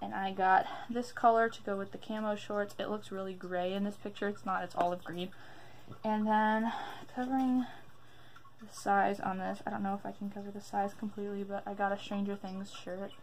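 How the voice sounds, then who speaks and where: A woman's voice: medium pitch, little pitch movement, moderate pace, a little hiss or hum, low-quality recording. A young woman chatting upbeat to her viewers in a casual haul vlog from home, a little out of breath. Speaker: vlogger.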